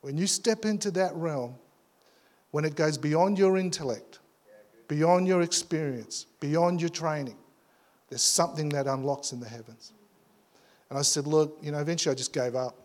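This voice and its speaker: A pastor preaching to his church, caught up in a story he tells with eager energy. His voice sits a little high for a man, and his sentences stumble and restart as he rushes on. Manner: animated storytelling with many restarts and stammers. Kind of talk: sermon.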